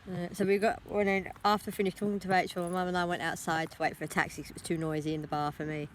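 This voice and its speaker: A woman's voice: fairly low pitch, little pitch movement, slight background noise. A tired young woman chatting in a rambling vlog, talking into her phone while walking outdoors. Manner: rambling, talks without pausing to think. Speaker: vlogger. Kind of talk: casual vlog chat.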